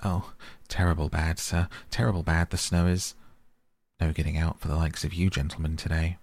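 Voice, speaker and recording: A man's voice: very deep voice, flat delivery, moderate pace, gravelly, a little mellow, dry recording, full character voice. A man voicing a polite young male hedgehog who speaks in humble, rustic country talk. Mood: respectful.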